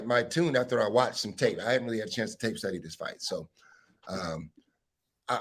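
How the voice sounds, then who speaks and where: A young adult man co-hosting a casual fight-talk podcast, bantering quickly with some swearing. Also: mid-range voice, bright, forceful tone. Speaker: podcast co-host. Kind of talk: casual sports chat.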